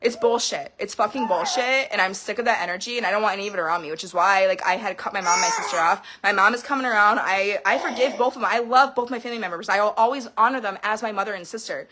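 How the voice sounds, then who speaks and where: A woman's voice: medium pitch, fast talker, few pauses, background noise. A woman in her thirties ranting to camera in a heated personal vlog, swearing freely and veering between laughter and tears. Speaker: vlogger. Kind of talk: emotional personal rant to camera.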